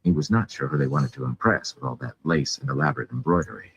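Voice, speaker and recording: A man reading a fantasy novel aloud in an expressive way. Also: extremely low pitch, quick pace, vocal fry, low-quality recording. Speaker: audiobook reader.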